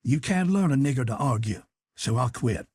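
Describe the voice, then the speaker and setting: Husky male audiobook narrator. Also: medium pitch, moderate pace, no echo. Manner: steady storytelling in period dialect. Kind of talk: first-person audiobook narration.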